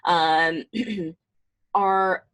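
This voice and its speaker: A woman's voice: fairly low pitch, steady tone, very slow, fairly bright tone. A woman in her twenties, a mental health counselor, giving a casual, chatty talk to fellow professionals with plenty of fillers and asides. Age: 20s.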